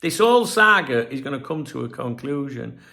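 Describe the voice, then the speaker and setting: Tired bloke ranting late at night, gravelly, cursing a lot, pitch all over the place. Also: male voice, big pitch swings, moderate pace, bright, forceful tone. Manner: sweary, blunt, exasperated. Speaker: football channel host.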